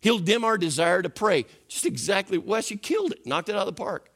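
A man preaching a sermon as pastor in a church, animated and asking the congregation questions. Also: high voice, brisk, creaky, husky.

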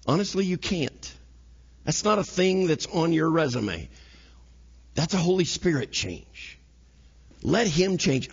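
Animated male pastor preaching. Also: fairly high pitch, slightly rough, lo-fi sound. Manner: animated, acts out scenes in quoted voices. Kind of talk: sermon. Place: church sanctuary.

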